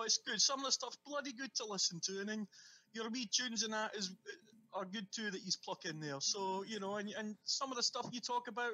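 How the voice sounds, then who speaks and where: A man's voice: very high voice, sharp tone. A Scottish man calling in to a radio show, chatting casually and cheekily, rambling with jokes. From Scotland. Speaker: caller. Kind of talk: casual phone chat. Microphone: phone.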